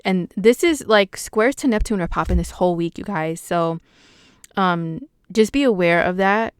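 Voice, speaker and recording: A woman's voice: fairly low pitch, clean tone, no echo, studio quality. A woman astrologer giving a casual weekly horoscope forecast, chatty and slangy, with lots of fillers, talking straight to her viewers. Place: home in the US Pacific time zone.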